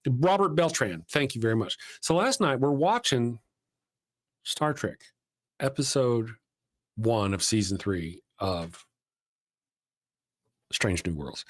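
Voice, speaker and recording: A man chats loosely on a live stream, wandering from thought to thought and restarting sentences with an easygoing curse here and there. His voice sits at an ordinary middle pitch. The sound is close and dry, with no room around it. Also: lively intonation, unhurried, pauses often, no echo. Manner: rambling, self-interrupting, swears casually. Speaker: livestream host. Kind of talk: casual live-stream chat.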